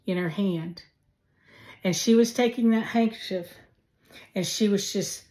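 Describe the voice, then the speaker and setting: Slow, low-voiced woman giving testimony. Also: darkish tone. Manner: slow, heartfelt storytelling with pauses. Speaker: testimony speaker. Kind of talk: personal faith testimony.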